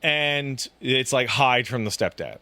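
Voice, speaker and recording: A man on a podcast recounts a game story with animated, profane energy. His voice is bright and lively, leaping up and down in pitch. The sound is dry and close. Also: a little slow, no room sound. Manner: animated, profane, breaks into laughter and mock voices. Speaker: podcast co-host. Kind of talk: casual chat, retelling a video game story.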